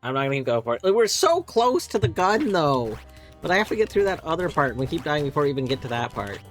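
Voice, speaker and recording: This live gameplay commentary comes from a very animated, fast-talking streamer with a mid-range voice. Every move gets narrated, mishaps draw sudden yelps, and soft music plays underneath.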